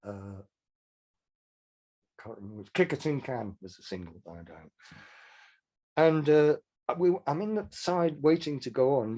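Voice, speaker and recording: A man's voice: on the low side, dark tone, husky. An older man, a songwriter telling rambling, self-deprecating stories as an interview guest. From England. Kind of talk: casual interview chat.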